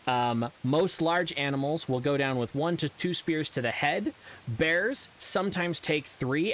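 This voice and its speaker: A man's voice: mid-range voice, a bit bright, a little hiss or hum, poor audio. A man giving casual, rambling commentary while playing a video game, with frequent ums and uhs and self-deprecating asides. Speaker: let's play gamer.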